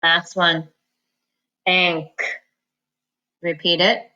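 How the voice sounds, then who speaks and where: A woman teaching a reading lesson, slowly sounding out words and syllables and pausing for the listener to repeat them. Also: on the low side, flat delivery, bright, forceful tone, dull audio. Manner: slow, patient enunciation of words and syllables; repeats each word for the listener to echo. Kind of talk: phonics lesson, slow and clear.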